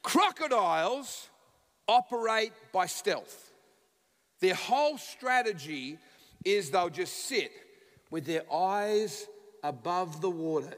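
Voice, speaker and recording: Lively Australian preacher in an echoey hall. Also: male voice, sits high. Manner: animated, acts out dialogue, bursts into shouts. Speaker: guest preacher. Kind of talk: humorous sermon storytelling. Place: church sanctuary.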